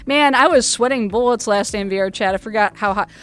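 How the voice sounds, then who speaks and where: A woman speaks quickly in a slightly high, somewhat bright, smooth voice over a VR headset mic. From home, she hosts a charity livestream in VR chat, chatting casually and giggling a lot.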